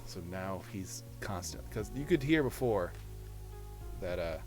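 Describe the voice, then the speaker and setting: A man's voice: low-pitched, lively intonation, measured pace, music in the background. A man hosting a casual chat show over a video call, joking and rambling playfully. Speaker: host.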